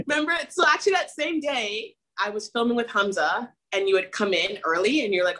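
A woman guest on a podcast, talking with animated enthusiasm. She leans into each story with lots of warmth toward her host. Her voice has a strong, bright edge. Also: medium pitch, moderate pace, rough recording. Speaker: guest actress. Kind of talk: casual chat.

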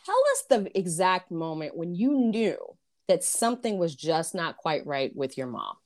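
Woman, podcast host, gentle probing questions, lowish voice. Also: big pitch swings, measured pace, no echo, clean studio sound. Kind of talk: interviewing.

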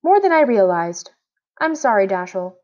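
A woman voicing a calm, gentle alien girl who speaks in a measured way, read from a storybook. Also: medium pitch, natural voice. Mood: apologetic. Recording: dull lo-fi audio.

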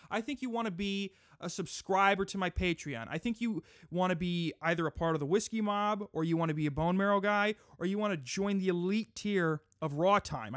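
A podcast host doing a crude, profane comedic monologue, ranting in a mock-pompous way. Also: male voice, sits high, a bit bright, dry recording, clean studio sound.

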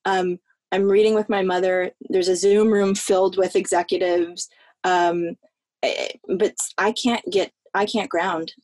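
A woman's voice: on the low side, flat delivery, measured pace, a little mellow, no room sound. A woman from Florida, an actress talking in a casual interview, earnest and rambling, often restarting her sentences. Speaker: actress guest.

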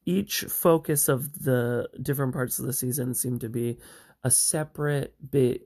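Slow, gravelly man reviewing a TV show. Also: medium pitch, a little mellow. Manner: chatty, meandering, with frequent asides. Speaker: TV series reviewer. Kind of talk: casual spoken review.

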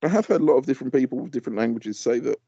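A man co-hosts a podcast in loose, casual chat, moaning cheerfully about pet peeves. His mellow voice swings up and down a lot in pitch. The recording is dry and a little dull. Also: animated, rapid-fire, husky, no echo. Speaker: podcast co-host.

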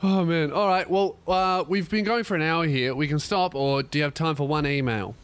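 A man hosting a podcast, relaxed and chatty, laughing easily. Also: on the high side, moderate pace, smooth. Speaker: podcast host. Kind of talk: casual podcast chat.

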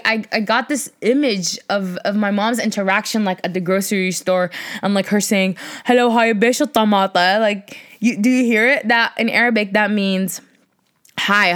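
A young woman from Iraq spins a casual, rambling story. She talks in an animated way and swears freely. Her voice sits at an ordinary pitch for a woman. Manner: profane, animated and chatty. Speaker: vlogger.

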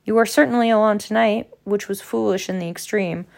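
A woman reading aloud as a cold, stern male professor, clipped and low. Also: brisk, vocal fry, darkish tone, lightly acted.

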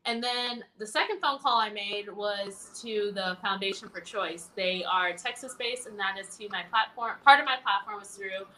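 A woman's voice: mid-range voice, normal speed, few pauses, bright, forceful tone, a little hiss or hum, rough recording. A woman talking animatedly as an interview guest, laughing often as she tells her story. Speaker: interview guest, former pageant titleholder. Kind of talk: casual interview chat.

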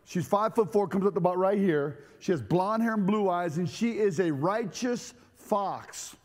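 A man's voice: sits high, animated, moderate pace. A man preaching a humorous sermon to a live congregation, joking energetically and bantering with the crowd. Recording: long hall reverb.

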